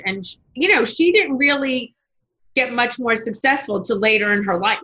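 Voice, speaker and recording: Female guest, blunt and lively, crisp bright tone, re-enacts conversations. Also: a little high, normal speed. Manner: blunt, animated, acts out quoted dialogue. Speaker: podcast guest. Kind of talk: casual storytelling chat.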